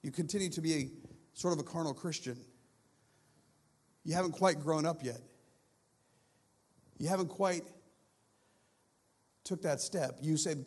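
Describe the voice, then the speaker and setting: A male guest pastor preaching a sermon with repeated, building phrases, moving between loud urgent passages and hushed low ones. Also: measured pace, long pauses, breathy edge.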